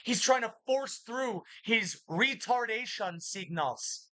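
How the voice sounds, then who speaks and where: Bright-voiced woman rambling to camera. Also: fairly high pitch, lively intonation, slow. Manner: talks about herself in the third person; blunt and profane. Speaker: vlogger. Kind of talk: rambling spoken monologue.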